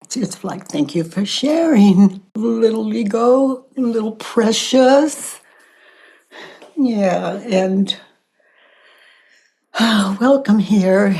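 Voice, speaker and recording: An older woman hosting a podcast, speaking softly and reflectively, often sinking into whispers between long pauses. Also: mid-range voice, breathy edge. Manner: soft-spoken, drifting into whispers, long pauses. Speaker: podcast host. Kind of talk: slow reflective spiritual talk.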